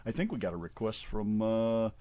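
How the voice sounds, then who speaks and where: A middle-aged American man hosting a casual radio show, loud, joking and folksy. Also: lowish voice, lively intonation, moderate pace, dry recording. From United States.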